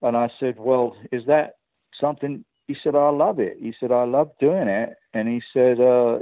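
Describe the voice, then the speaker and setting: An older man with an English accent, a guest telling lively anecdotes and acting out the dialogue of the people in them. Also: medium pitch, moderate pace, dry recording, narrow, tinny audio. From England. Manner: lively storyteller who acts out quoted dialogue with many restarts. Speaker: guest, record producer and guitarist.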